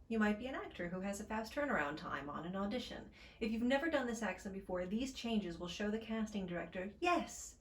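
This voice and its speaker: Woman, young adult, speech coach, chatty accent lesson, playful asides, roomy echo. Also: mid-range voice. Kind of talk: upbeat accent lesson to camera.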